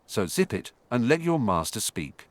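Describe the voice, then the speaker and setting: A man's voice: on the low side, very animated, moderate pace. A man voicing a defiant, cheeky boy wizard who mocks his enemy. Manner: mocking, defiant.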